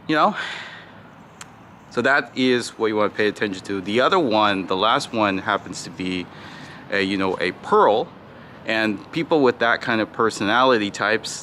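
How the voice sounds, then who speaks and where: A man teaching phone sales technique in a casual tutorial, talking in a mostly flat, unhurried tone and peppering his points with "right?" and "you know". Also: on the low side, slight background noise. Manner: calls his own default voice flat and slow, demonstrates tones. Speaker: sales coach.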